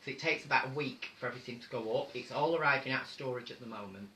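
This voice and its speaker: A man's voice: mid-range voice, racing, sharp tone, roomy sound, slight background noise, rough recording. A man with a North Manchester accent hosting a casual live stream from his home, chatty and theatrical, calling his viewers darling. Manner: camp, chatty, theatrical, calls people darling. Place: home room.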